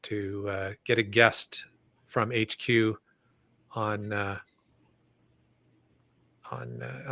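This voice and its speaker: A man co-hosting a laid-back podcast, reading out comments from the chat and musing aloud with lots of "uh"s and restarts. His voice is bright and forward, recorded dry and close with no room sound. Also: mid-range voice, no room sound. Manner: easygoing, filler-heavy, reads listener comments aloud. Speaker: podcast co-host. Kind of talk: casual chat.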